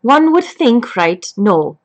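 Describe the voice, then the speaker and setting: A woman's voice: a little high, big pitch swings, takes it slowly, dull audio, full character voice. A woman playing a foul-mouthed old granny. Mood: gossipy. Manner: swears constantly, rambles off topic. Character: foul-mouthed elderly grandmother, rambling and irreverent. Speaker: grandmother telling a story. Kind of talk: comedic improvised chat.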